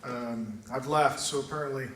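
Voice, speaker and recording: A man, a pastor telling jokey, animated stories in an on-stage interview in a large auditorium. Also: medium pitch, moderate pace. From United States. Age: 30s. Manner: joking, animated storytelling. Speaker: pastor, guest speaker. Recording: roomy hall, picked up from far off, audible noise.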